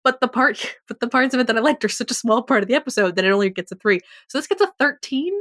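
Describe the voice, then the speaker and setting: A woman's voice: a little high, animated, fast talker, fairly bright tone, no echo. A woman co-hosting a podcast in casual chat, rambling and laughing often. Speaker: podcast co-host.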